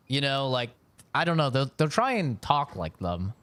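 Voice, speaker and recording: A man's voice: medium pitch, very animated, normal speed, a bit bright, no room sound. Rambling, swearing male streamer, dry sound. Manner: loose, rambling storytelling with frequent swearing. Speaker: live streamer. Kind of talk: casual chat while gaming on stream.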